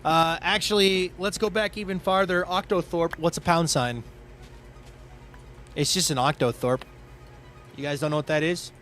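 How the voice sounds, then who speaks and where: A man streaming a game, chatting casually and answering his viewers' chat with quick asides. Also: a little high, fairly even intonation, fairly bright tone, faint music behind. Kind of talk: casual live-stream chat while gaming.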